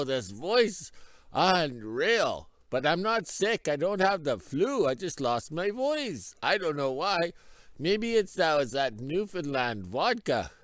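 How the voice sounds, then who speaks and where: A man, hoarse from losing his voice, chatting casually and jokingly in a rural vlog recorded outdoors in winter on his phone. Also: fairly high pitch, a bit bright, dry recording, studio quality. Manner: rambling, jokey, self-deprecating. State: hoarse, lost voice. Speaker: vlogger.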